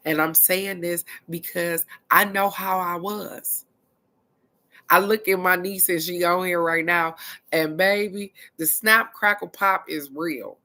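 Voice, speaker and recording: Middle-aged woman, card reader; bright, forceful voice, blunt and salty. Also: lowish voice. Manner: blunt and animated, cusses freely. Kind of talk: casual tarot card reading talk.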